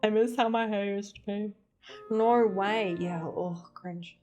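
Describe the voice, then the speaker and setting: A woman's voice: mid-range voice, slow pace, a little mellow, lo-fi sound, soft background music. A woman with an Australian accent, chatting casually on a livestream, reading chat aloud and joking playfully with light swearing.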